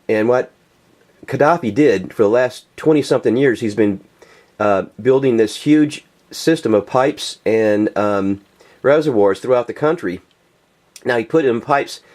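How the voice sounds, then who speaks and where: A man's voice: fairly low pitch, darkish tone. A man ranting in a casual, profane monologue, full of fillers and restarts, addressing viewers directly. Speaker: political video commentator.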